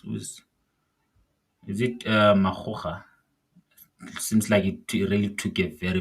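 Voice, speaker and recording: A man ranting casually as he watches a football match live, exasperated by the play and shouting at the players and the referee. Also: deep voice, slightly rough. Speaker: football fan streamer. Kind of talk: live watch-along commentary.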